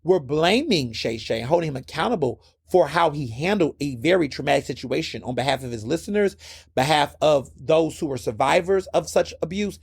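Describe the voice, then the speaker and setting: A man's voice: fairly high pitch, expressive, fairly quick, vocal fry, slightly rough, no echo. A man hosting his own podcast, giving blunt, impassioned solo commentary and repeating words when worked up. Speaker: podcast host.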